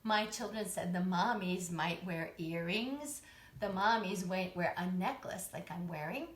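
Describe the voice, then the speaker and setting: A woman's voice: lowish voice, a little slow. A woman teaching children's music and movement in a cheerful, encouraging, sing-song way, indoors. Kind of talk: live-streamed lesson with chants. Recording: roomy echo.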